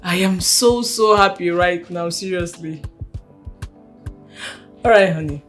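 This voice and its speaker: An actress playing an emotional parent who moves between whispered relief and pleading. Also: female voice, lowish voice, slow, faint music behind. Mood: relieved. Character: parent longing for a lost daughter, emotional.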